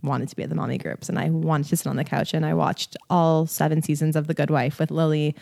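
Low, gravelly young woman guest. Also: fast talker, no room sound. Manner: relaxed, chatty, many fillers. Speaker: podcast guest, content creator. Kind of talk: casual chat.

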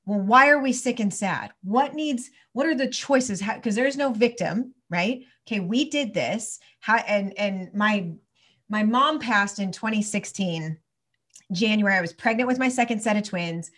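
A woman's voice: medium pitch, a little slow, fairly bright tone. A woman chiropractor in her thirties or forties, talking with heated conviction and frequent restarts in a conversation. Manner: heated, restarts often, ranting. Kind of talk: impassioned conversational talk.

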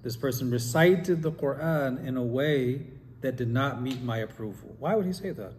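A man's voice: mid-range voice, moderate pace, darkish tone, a little hiss or hum. A man teaching an Islamic study class, reading quotes aloud and putting questions to his students. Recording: long hall reverb, faint ambience.

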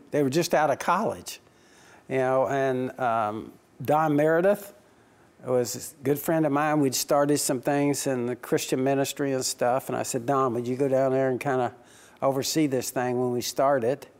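A man's voice: mid-range voice, a little mellow. Guy telling racing team stories in an interview, laughs a lot, acts out the back and forth. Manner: chuckling anecdotal storyteller, acts out dialogue. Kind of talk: storytelling interview answers.

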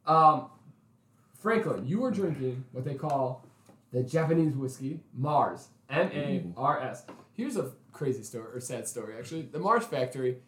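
A man's voice: medium pitch, lively intonation, normal speed, fairly bright tone. A man hosting a casual podcast, upbeat and leading the talk. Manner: upbeat, leads the segments. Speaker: podcast host. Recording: roomy echo.

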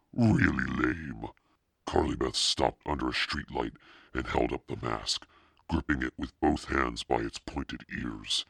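A man narrating an audiobook with a steady storytelling delivery. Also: rumbling low, gravelly, husky, no room sound, studio quality. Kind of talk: scripted narration.

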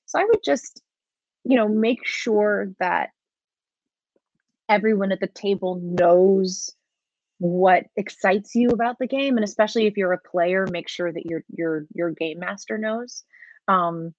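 A woman game master chatting as a podcast guest, animated and laughing often. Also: mid-range voice, unhurried, no room sound, muffled recording. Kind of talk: casual interview talk.

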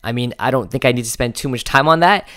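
A man's voice: mid-range voice, quick pace, a bit bright. A man hosting a coaching podcast, giving an instructional talk that shifts pace and stresses key words, sometimes counting items aloud to himself.

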